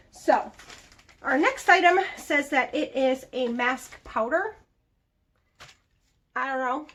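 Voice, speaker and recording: A young woman with a high, bright voice talks through a product review for her vlog. She is chatty and animated and laughs easily as she goes. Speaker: vlogger.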